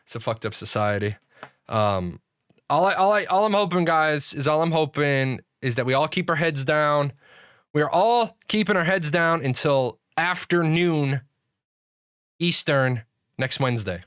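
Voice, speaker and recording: A man's voice: on the high side, lively intonation, a little slow, a bit bright, clear, resonant tone, dry recording, studio quality. A man streaming live, rambling and laughing at his own jokes in casual chat.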